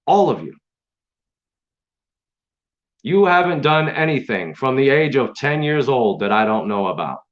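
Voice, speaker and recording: A man's voice: medium pitch, big pitch swings, a little slow, long pauses. A man hosting his own stream, delivering an angry, profane, confrontational rant straight at his critics. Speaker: online stream host. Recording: dull lo-fi sound.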